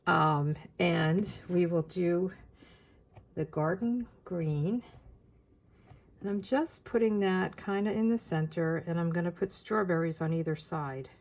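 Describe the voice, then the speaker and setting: A woman giving a casual, chatty step-by-step craft tutorial, talking as she works with her hands and often pausing on filler words. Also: fairly low pitch, muffled recording. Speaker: papercraft demonstrator.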